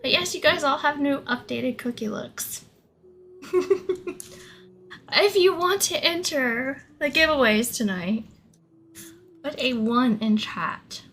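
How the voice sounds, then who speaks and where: Young woman streamer, high bright voice, giggly, chatty, soft music behind. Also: lively intonation, slow pace, long pauses, slight background noise. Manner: giggly, chatty, thanks viewers. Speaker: livestreamer. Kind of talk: casual live-stream chat.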